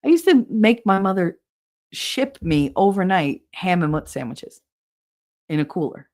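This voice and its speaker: A woman from New Jersey with a New Jersey accent, hosting a podcast in casual chat, animated and exasperated, swearing freely. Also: on the low side, moderate pace. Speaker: podcast host reading live chat.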